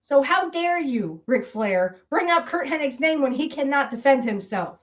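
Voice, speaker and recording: A female podcast host with a high, expressive voice launches into a long angry monologue at normal speed. She's heated and accusatory, swearing freely and hammering away at the same rhetorical challenges over and over.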